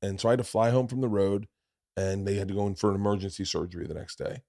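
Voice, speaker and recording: A middle-aged man hosting a podcast, telling a long story in a casual, profane way and swinging from loud to hushed. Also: on the low side, steady tone, quick pace, dry recording, clean studio sound. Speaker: podcast host.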